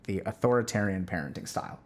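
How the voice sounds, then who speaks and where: A man's voice: deep voice, expressive, quick pace. A man, a clinician, explaining parenting in a casual, conversational way, peppering his talk with "like" and frequent "right?" check-ins. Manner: sarcastic when mocking strict views. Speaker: clinician giving parenting advice.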